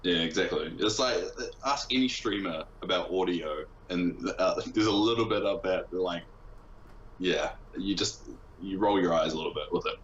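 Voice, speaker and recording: A man's voice: sits low, normal speed, a bit bright, slight background noise. A man guesting on a casual podcast, talking in a sarcastic, self-deprecating way with an accent. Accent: non-local accent, origin unstated. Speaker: guest streamer. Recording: roomy, dull lo-fi sound with faint ambience.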